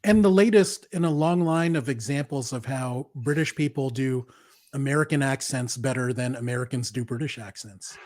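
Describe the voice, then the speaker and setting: A man's voice: medium pitch, moderate pace, a little mellow, no room sound, studio quality. A man co-hosting a podcast, chatting casually as an enthusiastic fan who laughs easily. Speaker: podcast co-host. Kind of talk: casual chat.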